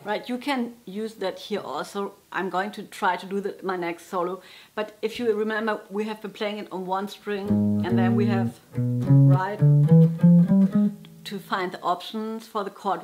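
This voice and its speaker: A woman's voice: medium pitch, fairly even intonation, moderate pace. A woman giving a casual guitar lesson, chatty and often breaking off to correct herself. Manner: chatty, self-interrupting, laughs at herself. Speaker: guitar teacher. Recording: loud guitar playing behind. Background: guitar playing.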